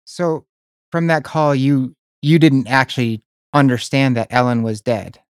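A man interviewing a guest, asking careful, measured questions and reading documents aloud. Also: medium pitch, steady tone, dry recording, clean studio sound.

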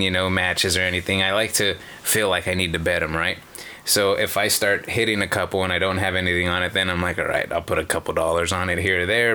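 A man's voice: sits low, bright, forceful tone. A man telling casino stories in a casual, rambling way, swearing often and filling gaps with "you know". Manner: profane, rambling, many fillers. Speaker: caller sharing casino stories. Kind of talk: casual storytelling.

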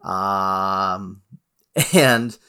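A Canadian man co-hosting a podcast, chatting in a relaxed, rambling way with many fillers. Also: low voice, drawn-out words, clean tone. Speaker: podcast co-host. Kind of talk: casual podcast chat.

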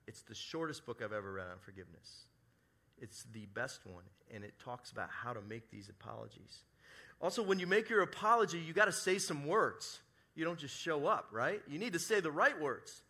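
Male pastor at a church service, bright and forceful voice, animated delivery that drops to hushed asides. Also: on the high side, normal speed. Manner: animated, shifts between loud emphasis and soft hushed asides; acts out quoted apologies in his own voice. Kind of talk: sermon.

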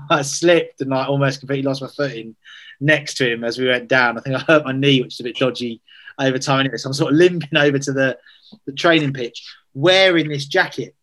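A man's voice: mid-range voice, steady tone, a little fast, fairly bright tone. A man, telling a story in casual chat, self-deprecating, full of fillers and restarts.

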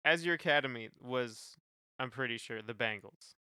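A man's voice: medium pitch, normal speed, bright, forceful tone, clean tone, dry recording, studio quality. A young man co-hosting a casual music podcast, talking hesitantly with lots of fillers and restarts. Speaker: podcast co-host. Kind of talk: casual chat reviewing music.

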